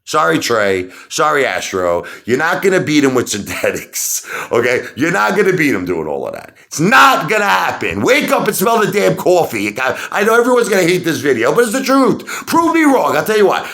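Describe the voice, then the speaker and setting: A middle-aged man ranting heatedly to his viewers about stocks, repeating himself and rising to shouts. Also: on the high side, fairly quick, creaky, hardly any pauses. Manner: animated, repetitive, rising to shouts. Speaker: stock market video host. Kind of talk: heated opinion rant.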